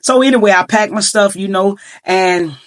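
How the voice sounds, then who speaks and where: A woman's voice: medium pitch, normal speed. A middle-aged woman earnestly recounting her own life story in a vlog, emotional and full of filler phrases. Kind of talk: personal storytelling.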